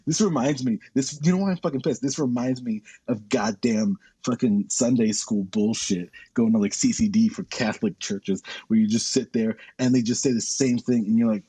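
Ranting, profane man, husky voice. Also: medium pitch, normal speed, hardly any pauses, warm tone, dry recording. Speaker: podcast co-host. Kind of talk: casual comedic chat.

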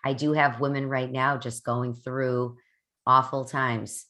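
Very low-voiced, effusive woman host. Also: flat delivery, slow. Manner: warm, effusive, affirming. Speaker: podcast host. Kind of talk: casual chat.

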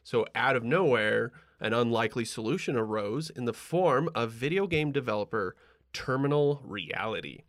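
A man hosting a casual podcast chat, laughing often and trailing off quietly at the ends of thoughts. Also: medium pitch, expressive, moderate pace, no room sound, clean studio sound. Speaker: podcast host.

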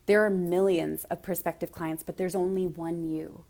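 A woman's voice: lowish voice, fairly even intonation, normal speed, gravelly, darkish tone. A woman giving a heartfelt, direct motivational monologue as a business coach, at times close to tears. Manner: emotional, near tears at times.

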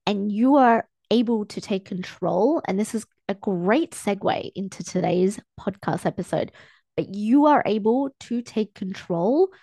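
A woman's voice: medium pitch, dark tone, no room sound. Chatty woman podcast host coaching listeners. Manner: chatty, encouraging, self-help coaching tone. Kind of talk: casual solo podcast talk. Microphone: close podcast mic, filmed for video.

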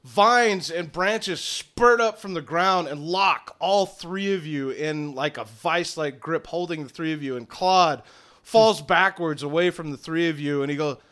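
Bright-voiced man narrating a tabletop game. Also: fairly high pitch, a little slow. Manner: playful, laughing, slips into mock Scottish druid voices. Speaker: game master.

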